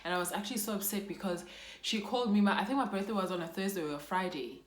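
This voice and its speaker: A woman's voice: medium pitch, fast, roomy sound. Young South African woman, emotional storytelling. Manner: emotional, mixes in Xhosa phrases. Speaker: YouTuber. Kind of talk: storytime vlog.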